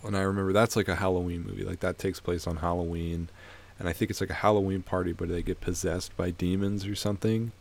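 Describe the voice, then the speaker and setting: A man's voice: low voice, level tone, quick pace, creaky. A young man co-hosting a podcast, telling movie stories in casual chat, swearing and laughing often. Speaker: podcast co-host.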